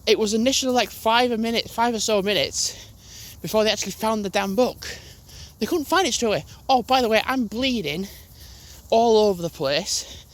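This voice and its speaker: A man's voice: high voice, normal speed. A young man, casually telling a story to camera, rambling, restarting and swearing as he goes. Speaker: gaming channel host.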